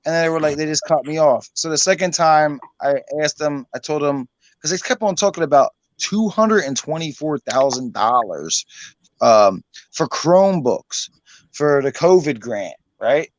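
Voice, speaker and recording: Unhurried and lively in intonation, this fairly high-pitched man rambles through a long story while hosting a laid-back online hangout, dropping plenty of fillers and casual curses. The audio is dry.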